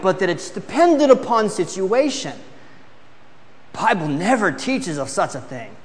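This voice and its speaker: A man's voice: high voice, a bit bright, big-room sound. A man preaching a sermon, asking the congregation to read aloud and acting out excuses in mock voices.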